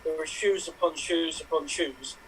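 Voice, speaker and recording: A man's voice: a little high, moderate pace, a bit bright, a little hiss or hum, low-quality recording. Playful man bragging through an improv bit. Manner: playful, mock-boastful. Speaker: improv performer. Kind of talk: improvised comic monologue. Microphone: video call.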